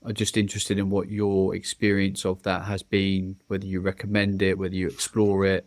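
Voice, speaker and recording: Low-voiced podcast host, curious. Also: male voice, monotone, moderate pace, no room sound. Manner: curious, reactive, appreciative. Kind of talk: casual interview chat.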